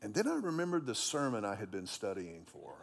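A male pastor, preaching a sermon in an animated, conversational way with self-deprecating humor. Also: lowish voice, brisk, vocal fry.

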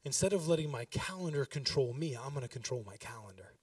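A man's voice: mid-range voice, expressive, fast talker, husky, no echo, distant mic. A pastor in his thirties giving a sermon, talking with the congregation and building to emphatic exhortation.

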